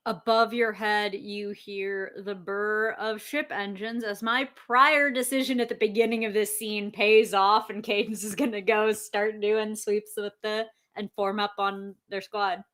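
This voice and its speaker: A woman's voice: mid-range voice, flat delivery, a little slow, hardly any pauses, a bit bright. A woman playing a tabletop role-playing game, speaking as a commander with questions to her crew. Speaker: player.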